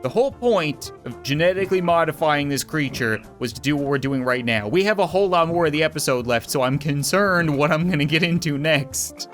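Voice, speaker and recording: A man's voice: fairly high pitch, animated, a little fast, hardly any pauses, fairly bright tone, faint music behind. A man giving jokey, sarcastic let's play commentary as a gaming YouTuber, often talking to the creatures in the game.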